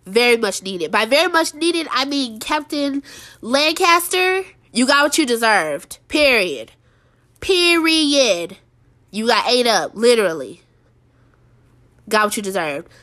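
A woman's voice: on the high side, big pitch swings, measured pace, pushed and bright. A woman hosting a review show, talking in a chatty, emphatic way full of fillers and repetition. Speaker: show host reviewing TV episodes. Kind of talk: casual review monologue.

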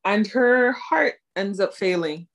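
A woman's voice: medium pitch, expressive, takes it slowly. A young woman co-hosting a casual chat, talking animatedly about a drama episode and laughing between her thoughts. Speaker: co-host.

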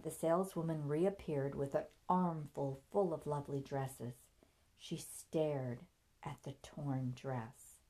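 Low-voiced woman reading a story. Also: mellow. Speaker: narrator. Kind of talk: audiobook reading.

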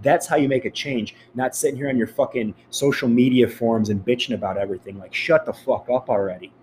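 A man's voice: mid-range voice, fast, a little mellow, a little hiss or hum. A man giving a blunt, profane motivational rant, speaking straight to his listeners.

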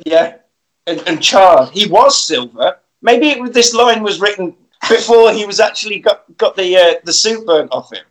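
A man on a podcast, retelling a film's plot as an animated, swearing storyteller. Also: sits high, normal speed, poor audio. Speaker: podcast co-host. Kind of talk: comic plot recap.

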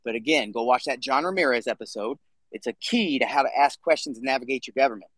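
A man's voice: medium pitch, quick pace, a bit bright, no room sound. Blunt, swearing male talk-show host. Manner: blunt and profane, swears freely. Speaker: podcast host. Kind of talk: casual live audio chat.

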